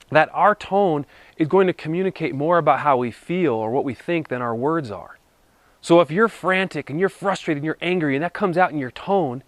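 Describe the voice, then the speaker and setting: A man speaking as a marriage counselor, giving calm, measured advice straight to the listener. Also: a little high, dry recording. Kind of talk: scripted talk-to-camera advice.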